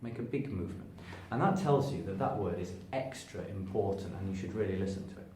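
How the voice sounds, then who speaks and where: Briskly, a man teaches English pronunciation to camera, elongating and stressing words to show each point with lively pitch changes. He steps toward and away from the distant camera while standing before a sign, and the echoey room gives a far-off voice with faint noise behind it.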